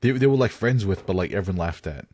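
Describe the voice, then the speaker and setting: A man's voice: deep voice, lively intonation, fast, a little mellow. A young adult man co-hosting a podcast, telling a story in casual chat with lots of "like" fillers and giggles. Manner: rambling, heavy with "like" fillers, giggly. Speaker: podcast co-host.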